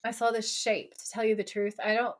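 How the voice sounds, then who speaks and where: A woman with a slightly high voice talks a bit quickly as she co-hosts a podcast. She casually recaps a TV episode and gets animated acting out its lines, retelling scenes in quoted dialogue.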